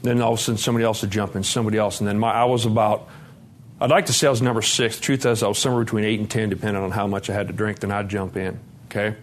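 A man's voice: fairly low pitch, little pitch movement, racing. A middle-aged man from Montana giving a candid personal testimony at a recovery conference, blunt and profane, acting out the dialogue as he tells it. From Montana, USA.

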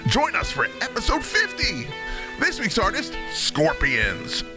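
A man's voice: high voice, wildly swooping pitch, measured pace. A man reading a scripted podcast intro in an upbeat, emphatic announcer style. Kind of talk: scripted show intro narration. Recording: music playing behind the voice.

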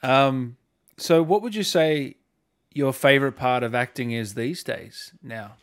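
Male interview host, mid-pitched, upbeat, encouraging, casual. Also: a little slow. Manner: upbeat and encouraging, laughs easily. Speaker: podcast host.

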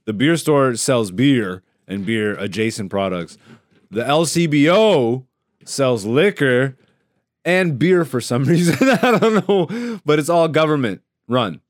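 A man hosting a casual comedy podcast, joking and quick to laugh. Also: medium pitch, lively intonation, dry recording, studio quality. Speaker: podcast host. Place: studio.

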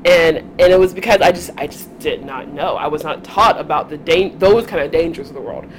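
A young woman telling stories in a casual chat, animated, often laughing and acting out the voices of the people she quotes. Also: deep voice, brisk, rough recording. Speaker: podcast guest. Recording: faint background noise.

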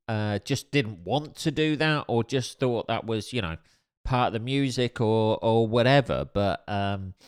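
A man's voice: medium pitch, clean tone. A man telling a story in casual chat, wry and rambling, with many fillers and restarts. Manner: dry, wry humor.

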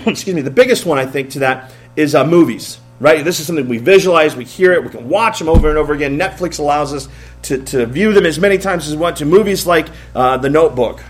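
A man's voice: on the high side, fast talker, faint music behind. Joking man preaching a sermon. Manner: joking, conversational, asks the audience questions. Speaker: pastor. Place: church stage before a congregation.

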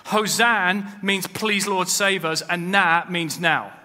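A man's voice: high voice, fairly even intonation, takes it slowly, bright, forceful tone. A man preaching a sermon as pastor, with rising emphasis as he quotes scripture. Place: church. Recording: long hall reverb.

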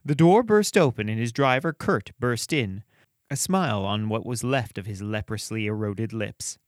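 Low-voiced man narrating dark stories. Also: no room sound, studio quality. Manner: measured, expressive reading. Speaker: podcast host reading stories. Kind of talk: storytelling narration and casual commentary.

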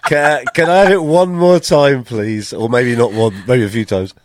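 Laughing co-host, mid-pitched. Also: male voice, steady tone, background noise. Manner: playful guessing, quick to laugh. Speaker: podcast co-host. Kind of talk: casual podcast chat.

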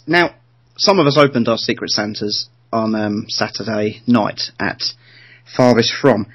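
Husky podcast host guy, teasing, bit muffled audio. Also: a little high. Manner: teasing, leads the chat. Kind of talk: casual podcast chat.

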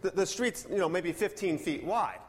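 A man preaching a sermon, telling a personal story in an animated way and acting out the dialogue. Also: sits high, normal speed, long reverb tail. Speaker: pastor.

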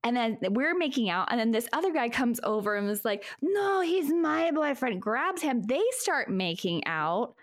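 A woman with a fairly high voice tells a long story in a relaxed podcast conversation. She talks with lots of fillers and animated asides, swinging between energy and easy laughter. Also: normal speed, few pauses. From United States. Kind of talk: casual storytelling chat.

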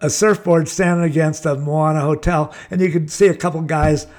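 Older American guy, rambling laid-back storyteller, a bit high-pitched. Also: fairly even intonation, moderate pace, a little mellow. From United States. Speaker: guest. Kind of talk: casual storytelling.

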